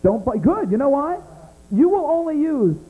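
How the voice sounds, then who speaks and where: A brash American comedian works a small club crowd, poking at people by name between jokes. His voice sits high for a man. The live tape is thin and tinny, like it's coming through a phone line. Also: sing-song, normal speed, faint music behind. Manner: brash, teasing audience members by name. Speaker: stand-up comedian. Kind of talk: stand-up comedy set with crowd work.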